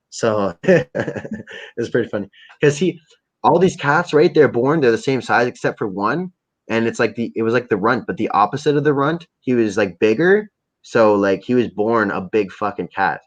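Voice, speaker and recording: A young man hosting a livestream, telling rambling, profane, jokey stories in casual chat. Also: medium pitch. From Canada. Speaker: livestream host. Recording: dull lo-fi stream audio.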